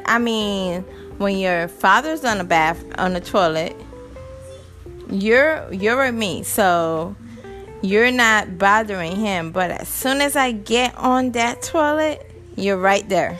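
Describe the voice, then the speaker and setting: Animated young mom ranting with laughs. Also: female voice, medium pitch, a little slow, faint music behind. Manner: animated, laughing, exasperated storytelling. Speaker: podcast host. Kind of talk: casual monologue.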